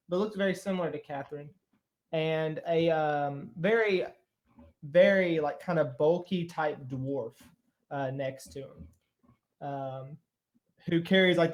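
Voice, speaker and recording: A man's voice: fairly high pitch, darkish tone. A man narrating a tabletop game as game master, rambling with many fillers.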